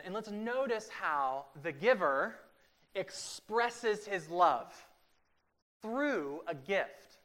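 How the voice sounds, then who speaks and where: A pastor preaching a sermon to a congregation in a church room. He swings between loud, emphatic lines and quiet, drawn-out passages. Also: sits high. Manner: acts out quoted everyday talk for illustration.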